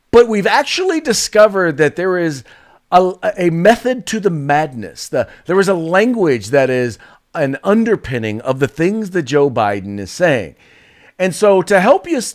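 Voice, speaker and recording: Animated male podcast co-host. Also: on the high side. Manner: animated, with restarts. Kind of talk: casual political commentary.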